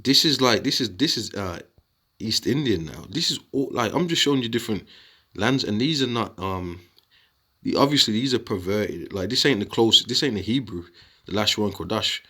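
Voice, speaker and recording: A young man talking casually to his viewers, animated and repetitive, calling them bro and man while making his case. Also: fairly low pitch, normal speed. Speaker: online commentator. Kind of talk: casual rebuttal video talk.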